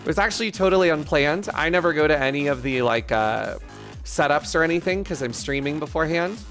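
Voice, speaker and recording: Gravelly man chatting crudely on stream. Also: fairly high pitch, lively intonation, fairly quick, a bit bright, faint music behind. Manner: crude, joking, rambling banter with chat. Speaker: live streamer. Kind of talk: casual live-stream chat.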